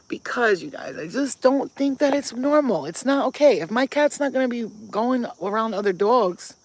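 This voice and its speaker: The audio is poor, and the woman's voice sits a little high. A spiritual healer outdoors in a yard, she addresses her viewers in casual, emphatic talk to camera and swears freely.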